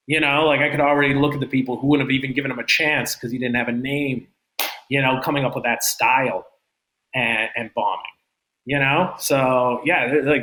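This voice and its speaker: A Canadian man, a comedian, chatting as a guest in a rambling way, full of fillers and quick laughs. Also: medium pitch, fairly bright tone. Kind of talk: casual interview chat. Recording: echoey room.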